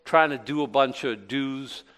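A man's voice: mid-range voice, unhurried. A man giving a sermon as pastor, conversational and emphatic, asking questions and answering them himself. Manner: conversational, rising to emphatic bursts then dropping soft.

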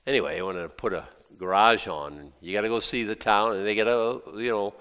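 A man preaching in a low voice, loose and folksy, drifting into asides before finding his point again. The sound carries a long hall reverb behind it. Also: fairly quick, fairly bright tone, clean tone. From United States. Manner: folksy, rambling, self-interrupting with asides. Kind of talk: conversational sermon.

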